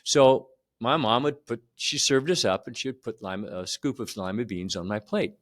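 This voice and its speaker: A man's voice: medium pitch, normal speed, a bit bright. A man in his seventies telling a personal childhood story to camera in a conversational way, repeating words for emphasis. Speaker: channel host.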